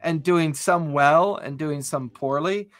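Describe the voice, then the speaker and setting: A man's voice: fairly high pitch, slow pace, a bit bright. Rambling enthusiastic male podcaster. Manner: rambling, enthusiastic, many restarts. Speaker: podcast host. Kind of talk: casual chat.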